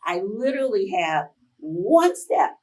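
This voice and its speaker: A woman in her fifties, a professor giving a conference talk, telling chatty, animated personal stories to the audience. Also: medium pitch, measured pace, husky, far from the mic, low-quality recording. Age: 50s. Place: conference room.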